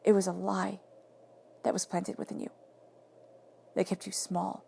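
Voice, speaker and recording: Gravelly-voiced woman giving a tarot reading. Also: mid-range voice, level tone, measured pace. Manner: emphatic, affirming, often drops to soft whispers. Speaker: tarot reader.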